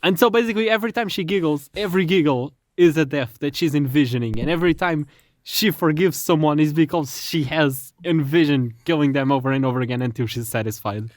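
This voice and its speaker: A man's voice: on the high side, fairly quick, no echo. Hesitant man explaining in a dry room. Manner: hesitant, repeats words and restarts while explaining. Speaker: podcast co-host. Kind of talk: casual podcast chat.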